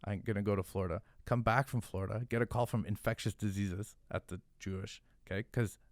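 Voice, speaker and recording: Male podcast guest, low register, animated profane storyteller, dry close mic. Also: brisk, no room sound. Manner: animated, profane, filler-heavy, "like" every few words. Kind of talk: casual storytelling.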